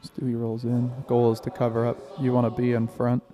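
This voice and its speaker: A male color commentator at a live match talks in a flat, even voice with a warm, mellow tone. He drops dry, jokey asides between plays. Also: medium pitch, fairly quick.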